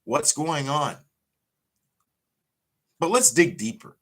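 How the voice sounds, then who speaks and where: A man's voice: on the high side, big pitch swings, slow pace, a bit bright. A man, a pro wrestler ranting bluntly and profanely on a casual livestream.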